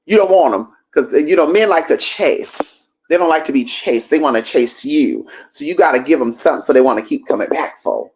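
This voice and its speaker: A woman's voice: deep voice, brisk, few pauses. Sassy woman gossiping on a livestream. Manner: sassy, profane, animated gossip. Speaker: livestream host. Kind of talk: casual livestream storytelling.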